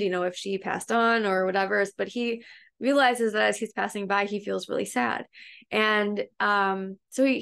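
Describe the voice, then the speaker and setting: A woman's voice: medium pitch, vocal fry, fairly bright tone. A woman coaching an online group, casually retelling a story from a book in a chatty, meandering way, full of fillers and restarts. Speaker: self-help coach and host.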